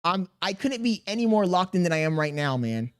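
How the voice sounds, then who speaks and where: Exasperated male streamer, higher voice. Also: sing-song, a little fast, clear, resonant tone. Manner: exasperated, defensive venting with slang. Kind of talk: live-stream chat reading.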